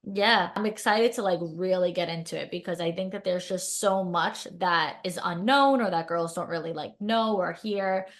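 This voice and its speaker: A woman's voice: fairly low pitch, normal speed, hardly any pauses. A young woman hosting a podcast, chatting casually and often saying "like". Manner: casual, heavy "like" filler. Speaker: podcast host. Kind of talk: casual interview chat.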